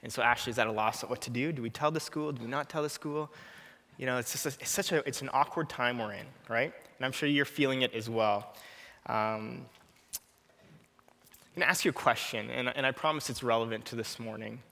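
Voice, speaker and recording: A man's voice: mid-range voice, a little fast, creaky, pushed and bright, big-room sound. A man in his thirties preaching an earnest, personal sermon, often repeating a short prayer.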